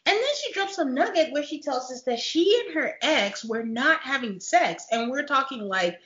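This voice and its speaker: A woman hosting a casual recap chat, animated and laughing often as she retells scenes. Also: high-pitched, moderate pace. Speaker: podcast host. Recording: dull lo-fi echoey room.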